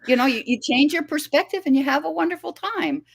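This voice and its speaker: A woman's voice: high voice, a little fast, vocal fry. An older woman from the American Midwest talks as a podcast guest. Her tone is reflective and chatty, and she often restarts her sentences and laughs lightly as she goes. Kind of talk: casual conversational interview.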